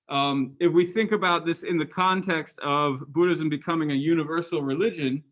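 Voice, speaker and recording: A man's voice: fairly high pitch, rough recording. A man giving a university lecture in a casual, conversational way, often asking the class questions and restarting sentences with ums. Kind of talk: lecture to students.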